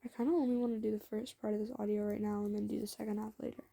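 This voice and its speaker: A woman with a mid-range, mellow yet gravelly voice talks rapid-fire with little pitch movement. She improvises a fan-fiction story and rambles casually, full of asides, fillers, lots of "like," and comments on her own telling.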